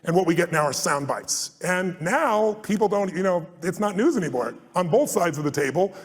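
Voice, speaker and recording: A man's voice: sits high, lively intonation, normal speed, breathy edge. A man speaking to a live audience in a large hall, telling stories and driving home his points in an emphatic, blunt way. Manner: emphatic and blunt, swears for force, acts out anecdotes. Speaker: speaker and guest on a live stage tour. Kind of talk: motivational storytelling to a live audience. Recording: long hall reverb at a live event.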